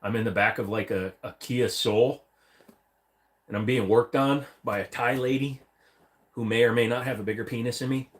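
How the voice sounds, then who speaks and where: This livestream host speaks at a moderate pace in a medium-pitched voice with fairly even intonation. Sitting against a wall in his home room, he reads viewer comments and rambles, throwing in jokes and silly voices.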